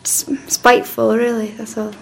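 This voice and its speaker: A young woman with a Welsh accent giving low-key, short answers in a casual group discussion. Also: monotone, normal speed, vocal fry, a little hiss or hum. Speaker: interviewee.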